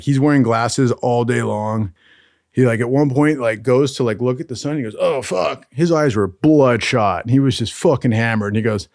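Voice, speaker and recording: A man's voice: mid-range voice, a little mellow, no room sound, studio quality. Profane laid-back man telling stories. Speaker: storyteller. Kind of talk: casual storytelling.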